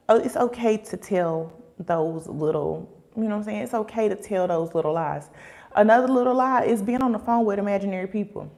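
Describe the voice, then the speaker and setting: A young woman hosting a casual livestream, talking in an animated way with lots of fillers and acting out quoted voices. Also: medium pitch, gravelly.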